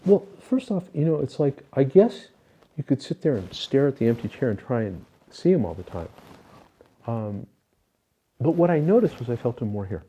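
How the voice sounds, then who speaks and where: A man's voice: mid-range voice, sing-song, moderate pace, dark tone, breathy edge. An older man being interviewed, recounting personal spiritual experiences in an earnest, reflective way, with many fillers and restarts. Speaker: interview guest.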